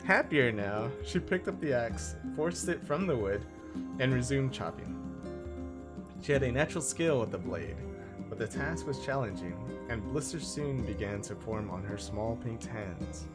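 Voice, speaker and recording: A man's voice: mid-range voice, lively intonation, unhurried. A male streamer reading game story text aloud, stumbling over words and laughing at his own slips. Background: game music.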